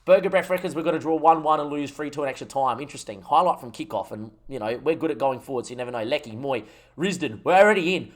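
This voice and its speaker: A young Australian man streaming a football management game, commentating the match live and getting excited at goals while talking to his chat. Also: a little high, quick pace. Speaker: gaming streamer.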